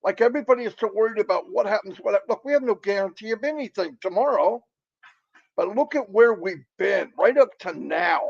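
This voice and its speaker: Excitable high-voiced man. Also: a little fast, creaky, dull audio. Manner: emphatic, excitable, repeats himself. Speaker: motivational speaker. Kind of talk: impassioned motivational talk.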